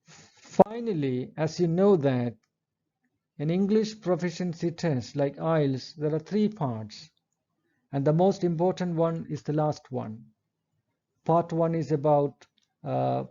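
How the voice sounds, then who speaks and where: A man giving a recorded English lecture, explaining step by step in a measured way and reading example sentences aloud. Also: on the high side, dark tone, dull audio.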